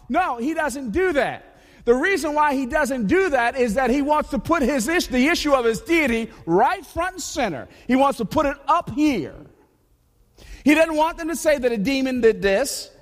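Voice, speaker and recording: A high-voiced male pastor preaches in a loose, conversational way, often repeating words as he restarts. His voice carries a long reverb from a large hall. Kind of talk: sermon.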